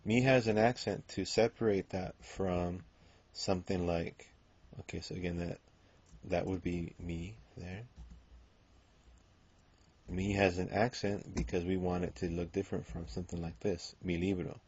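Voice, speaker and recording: A man's voice: deep voice, fairly even intonation, measured pace, darkish tone, breathy edge, lo-fi sound. A man teaching a recorded language grammar lesson, explaining step by step with frequent ums and okays. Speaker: Spanish teacher.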